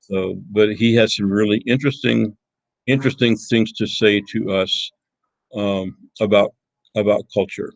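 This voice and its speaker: A man with a fairly low voice gives a classroom lecture, stopping and repeating himself as he sets up a video. The sound is dry and close, with little room echo. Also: fairly even intonation, creaky. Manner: halting, repeats words and restarts. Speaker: college lecturer.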